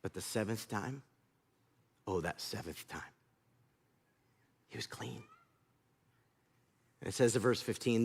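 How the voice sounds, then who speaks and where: A man's voice: lowish voice, expressive, slow, pauses often, slightly rough. A male pastor preaching a sermon, telling stories animatedly and acting out scenes.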